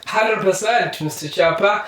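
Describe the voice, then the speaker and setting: A South African man hosts a studio podcast, talking quickly and mixing Zulu and English. His voice sits somewhat high. He is a little far from the mic in an echoey room with faint background hiss. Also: fairly bright tone. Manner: quick, mixes Zulu and English, chuckles often. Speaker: podcast co-host. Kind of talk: casual studio chat.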